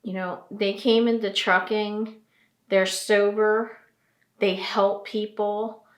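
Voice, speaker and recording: A woman from New Jersey giving a heartfelt vlog monologue, slow and earnest, repeating phrases for emphasis, tearful and emotional. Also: medium pitch, little pitch movement, reverberant. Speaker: trucking vlogger.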